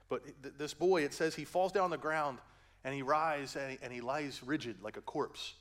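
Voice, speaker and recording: Older male pastor, sermon delivery, dynamic from hushed to booming, folksy. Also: normal speed. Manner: swings from hushed and gentle to loud climactic preaching; folksy asides, addresses listeners as folks.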